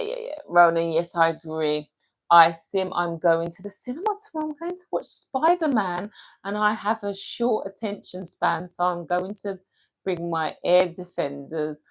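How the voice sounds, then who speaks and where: A woman's voice: on the low side, animated, a little slow. A woman from England hosting a casual livestream, chatting with viewers by name and laughing easily. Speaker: livestream host. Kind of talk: casual live chat reading comments.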